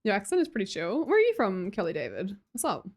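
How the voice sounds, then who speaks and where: A woman's voice: medium pitch, huge pitch swings, fast talker. An Australian woman, a young adult, hosting a casual livestream chat, reading chat aloud and laughing often. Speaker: livestream host.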